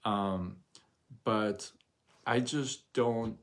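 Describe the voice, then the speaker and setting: A middle-aged man hosting a casual livestream, talking in an animated way, often repeating himself and asking "right?". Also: fairly low pitch, extremely slow. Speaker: livestream host.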